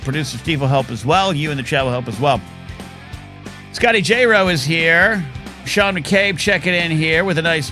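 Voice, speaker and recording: A man's voice: fairly high pitch, pushed and bright. Rambling man in his fifties. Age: 50s. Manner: rambling, jokey, with bursts of mock outrage. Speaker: talk show host. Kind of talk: live talk show chat.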